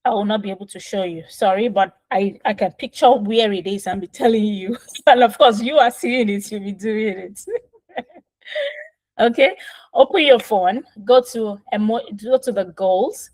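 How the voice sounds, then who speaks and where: A woman's voice: mid-range voice, moderate pace, a little mellow, no room sound, rough recording. Woman, parenting coach, casual instructive talk, patient and step-by-step, phone mic in a dead-dry room. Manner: patient, step-by-step explaining with frequent "right?".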